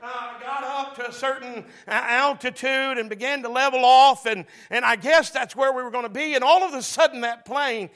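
A man's voice: extremely high pitch, steady tone, normal speed, few pauses, a bit bright. A man preaching a sermon, telling a story and building to fervent call-outs to the congregation.

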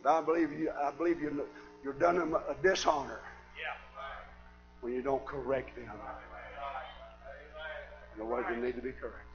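A man preaching a sermon, swinging from shouted fiery passages to quiet, earnest talk. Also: mid-range voice, fairly even intonation, normal speed, pauses often, highs cut off, music in the background.

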